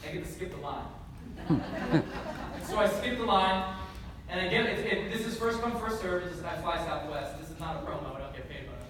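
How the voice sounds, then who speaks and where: A man's voice: a little high, a little fast, a crowd in the background. A man in his twenties giving a motivational speech to a live audience, telling a story with jokes and energy. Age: 20s. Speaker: motivational speaker. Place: large hall with live audience. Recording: echoey hall, mic from far off. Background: audience murmur and noise.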